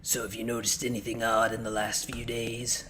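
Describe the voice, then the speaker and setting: A man voicing a gruff police officer who hunts monsters, asking questions in a deliberate, stern manner. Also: on the low side, fairly even intonation, a bit bright, a little hiss or hum. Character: gruff male cop hunting monsters.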